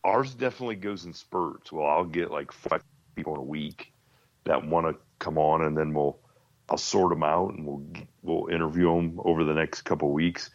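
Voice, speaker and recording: A man's voice: rumbling low, steady tone, normal speed, dry recording, muffled recording. A man as a podcast guest, chatting in an easygoing, rambling way. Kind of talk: casual chat.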